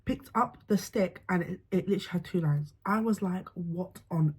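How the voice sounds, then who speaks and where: A woman's voice: medium pitch, brisk, a little mellow, breathy edge. A young woman, candidly telling a personal story to camera in casual slang, swearing freely. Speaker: vlogger.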